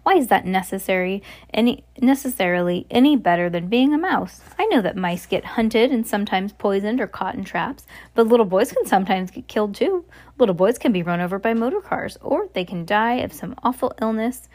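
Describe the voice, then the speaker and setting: Woman, reading a children's novel aloud, plain unpolished delivery, occasional slips and restarts, medium pitch. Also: expressive, brisk, darkish tone. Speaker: reader.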